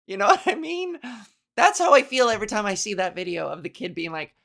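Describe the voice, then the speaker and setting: A woman's voice: medium pitch, expressive, fast, gravelly, a bit bright. A young woman comedian hosting her own podcast, rambling through a giggly solo monologue. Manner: rambling, giggly, breaks into silly voices.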